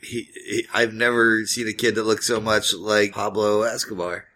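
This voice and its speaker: A man's voice: on the low side, flat delivery, moderate pace, sharp tone. A man co-hosting a casual podcast chat, joking and rambling with restarts. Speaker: podcast co-host.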